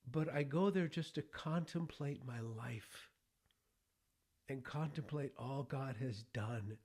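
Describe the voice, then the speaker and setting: A middle-aged man hosting a devotional podcast, speaking earnestly and with deep feeling, at times choking up with emotion. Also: slow pace, a little mellow, slightly rough. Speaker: podcast host.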